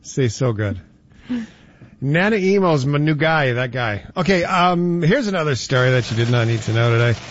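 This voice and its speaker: A man's voice: mid-range voice, no echo, highs cut off. A man hosting a radio show, chatting casually and joking with his co-host. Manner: animated, joking, does quick voices in anecdotes. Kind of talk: casual banter.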